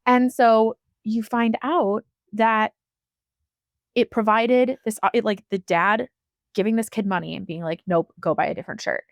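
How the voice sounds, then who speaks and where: A woman's voice: medium pitch, no echo. A woman co-hosting a casual podcast, telling long stories and acting out the people in them. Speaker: podcast co-host.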